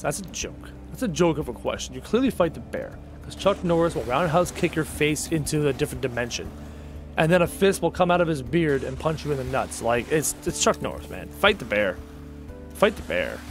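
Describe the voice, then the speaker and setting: Animated high-voiced man streaming a game. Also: a little fast, faint music behind. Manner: casual, joking, addresses chat as dude. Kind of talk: live gameplay stream, chatting with viewers.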